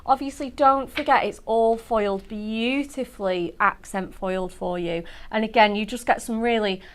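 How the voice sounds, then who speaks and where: A woman's voice: on the high side, moderate pace. A woman presenting on a craft TV show, chatting effusively about products with lots of gasps and gushing praise. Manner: effusive, bubbly, full of gasps and "so cute". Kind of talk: gushing product demo chat.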